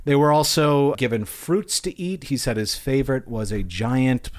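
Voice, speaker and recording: A man's voice: medium pitch, moderate pace. Brief: male podcast host, amused, casual storyteller. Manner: animated, amused, acts out quotes.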